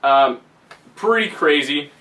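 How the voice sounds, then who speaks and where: A man tells a long story in a loose, rambling way, laughing and filling pauses. His voice is fairly high and very bright. He sits some distance from the mic. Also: lively intonation. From Canada. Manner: rambling, laughing, full of fillers. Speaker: vlogger. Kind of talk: casual storytelling.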